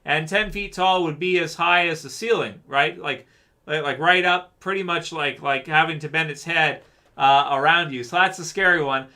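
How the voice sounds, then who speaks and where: A man's voice: fairly high pitch, moderate pace, sharp tone. A man hosting a casual livestream, chatting loosely with viewers and reading their comments, with plenty of fillers. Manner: laid-back, rambling, many fillers, calls listeners "man". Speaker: livestream host.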